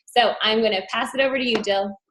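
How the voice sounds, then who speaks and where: A woman's voice: on the high side, fairly even intonation, fast talker, fairly bright tone, slight background noise, low-quality recording. A woman hosting a team video call, giving an upbeat, gushing introduction of her guest. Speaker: host.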